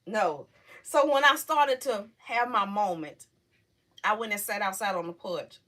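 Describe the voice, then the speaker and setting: Direction A middle-aged woman, emotional and halting, hosting a livestream. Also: mid-range voice, a bit bright. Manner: emotional, halting, talks straight to viewers. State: on the verge of tears. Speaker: livestream host. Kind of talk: casual livestream chat.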